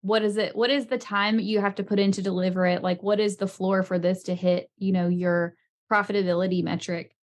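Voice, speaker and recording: A woman's voice: mid-range voice, fairly even intonation, brisk. Easygoing woman podcast host. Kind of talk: conversational interview.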